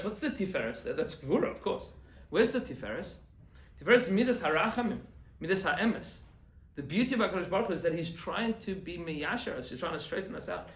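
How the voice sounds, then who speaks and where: A man, a rabbi, giving an animated Torah class and acting out quoted complaints. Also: high-pitched, normal speed, roomy sound.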